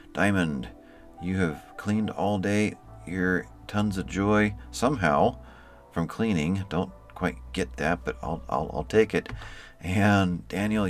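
A man casually commenting on his colony game as he plays, talking to the colonists by name in an easygoing way. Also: low voice. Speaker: let's play host.

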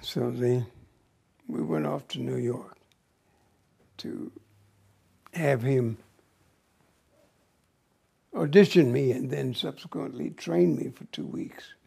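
Older man, gravelly and husky voice, slow halting storytelling, interview guest. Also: mid-range voice, warm tone. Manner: slow, halting, breathy at times. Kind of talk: reflective storytelling.

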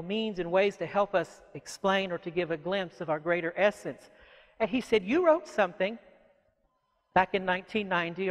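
Guy with a high voice rambling to an audience, lots of you-knows, long echo off the hall. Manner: animated and rambling, full of "you know" asides. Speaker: author giving a talk. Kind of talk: talk to a live audience. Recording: echoey hall.

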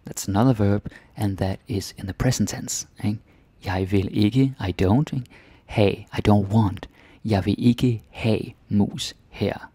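A man with a Danish accent teaching Danish grammar in English, chatty, with "ikke?" tags and sudden soft whispers. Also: fairly low pitch, vocal fry, no room sound. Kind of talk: explaining grammar to learners.

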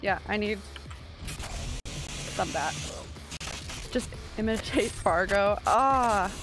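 A woman from Canada chats casually while streaming a game, swearing and yelping at the action. Her mid-range voice has a gravelly fry. Faint music plays behind her. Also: medium pitch, slow. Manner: casual, swears and reacts loudly to gameplay. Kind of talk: live game streaming chat.

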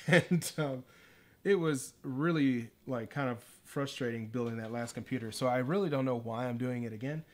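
A man's voice: mid-range voice, normal speed. Rambling man livestreaming a PC build. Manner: rambling, self-deprecating, easily distracted. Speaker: livestreaming artist. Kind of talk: casual livestream chat while building a PC.

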